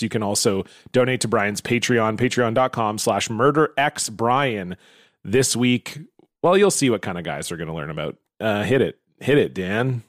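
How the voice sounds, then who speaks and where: A man's voice: fairly low pitch, no echo. Joking male podcast host, dry close mic. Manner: joking, self-deprecating, swears at his own slips. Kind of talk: casual comedy podcast chat.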